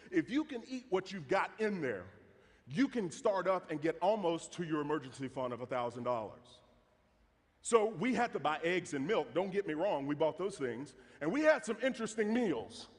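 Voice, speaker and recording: A man gives a live talk to an audience in a big hall, and his voice rings with long reverb. He is a storyteller who jokes and acts out the voices of his family. His voice sits high and swings widely in pitch. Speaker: speaker on personal finance.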